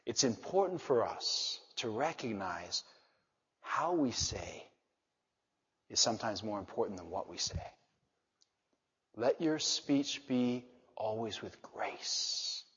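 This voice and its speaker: A man preaching a sermon with animated delivery, swinging from soft asides to loud emphasis, with a slightly husky voice. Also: fairly low pitch, slow, long pauses. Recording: dull reverberant hall sound.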